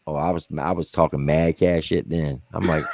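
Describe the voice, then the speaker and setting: A man with a very low voice tells army stories among fellow veterans, and he is loose, profane and animated. The sound is close and dry, with no room around it. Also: normal speed, no echo. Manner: animated, profane, acts out quotes in high voices. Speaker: podcast co-host, army veteran. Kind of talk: casual storytelling among veterans.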